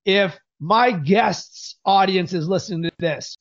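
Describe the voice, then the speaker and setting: A man hosting a podcast, coaching in an energetic, emphatic way. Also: high-pitched, a little slow, muffled recording.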